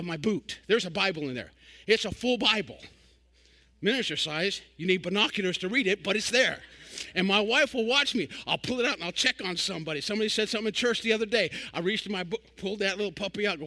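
An older man delivers a folksy evangelist sermon in a high, bright voice. He swings between quick humorous asides and sudden loud, animated bursts. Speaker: traveling evangelist.

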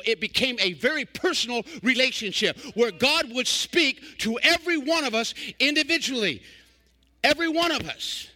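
An older man preaching a sermon as a traveling evangelist, folksy and animated, with sudden loud bursts and quick humorous asides. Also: very high-pitched.

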